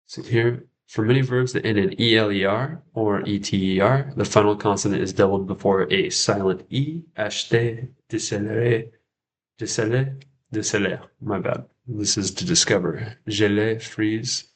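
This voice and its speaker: A man's voice: fairly low pitch, normal speed, hardly any pauses, slight background noise. A man hosting a casual livestream study session, thinking aloud and repeating words as he checks himself. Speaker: French learner and livestream host.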